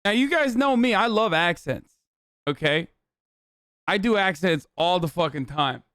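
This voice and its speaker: A male streamer giving casual reaction commentary with a fairly high, smooth, resonant voice. He talks in an animated way, swears freely and laughs often. The sound is dry and close. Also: a little slow, no room sound. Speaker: streamer host.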